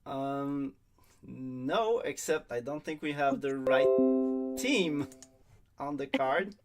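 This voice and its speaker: A man with a French accent and French as his first language, hosting a livestream in a halting, easygoing way that often corrects itself. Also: medium pitch, expressive, soft background music. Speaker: draft show host.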